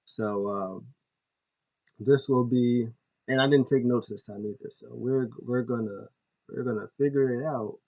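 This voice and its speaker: A man's voice: medium pitch, a little slow, dark tone. A man chatting casually through a wrestling recap in a mid-range voice, the talk full of ums, uhs and restarts. He wanders and backtracks but keeps an easy, informal flow. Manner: rambling, many ums and uhs, self-correcting. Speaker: YouTube host.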